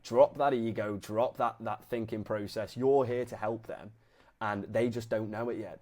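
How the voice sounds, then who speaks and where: A young man from Britain talks as a personal trainer, giving relaxed, casual coaching advice. He acts out both sides of chats with gym-goers, and his voice sits at a middle pitch. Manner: laid-back, acts out both sides of conversations. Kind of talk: casual coaching talk to camera.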